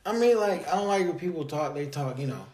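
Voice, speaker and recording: A man in his thirties chatting casually as a co-host, his voice swinging up and down as he tells jokes with a deadpan edge. His voice sits a little higher than most men's. The room is echoey. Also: fast. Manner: animated, joking storyteller with a deadpan streak. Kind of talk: casual chat.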